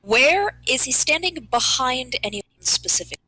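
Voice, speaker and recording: Bright high-voiced woman player. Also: animated, measured pace, no room sound. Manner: curious, questioning. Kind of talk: casual game chat.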